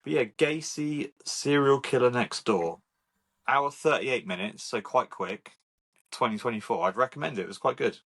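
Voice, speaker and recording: A man's voice: medium pitch, moderate pace, fairly bright tone, breathy edge. A man co-hosting a podcast, talking in a laid-back, matter-of-fact way in casual chat. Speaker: podcast co-host.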